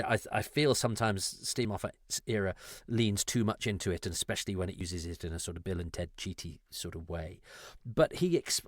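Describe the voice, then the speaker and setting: This podcast host has a lowish voice, recorded in studio quality with no room sound. In a casual conversational discussion, he rambles, interrupts himself, and comes across as candid and reflective.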